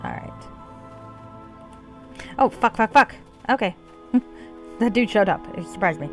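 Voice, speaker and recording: A woman's voice: mid-range voice, expressive, measured pace, long pauses, soft background music. A woman streamer casually talking through a game and reading its dialogue aloud. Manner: chatty, reads dialogue aloud, laughs easily.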